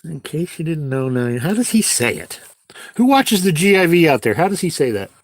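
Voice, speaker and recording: A man's voice: a little high, big pitch swings, a little fast, a little hiss or hum. A man chatting casually on a livestream while he edits video, talking to himself and to his viewers as he works.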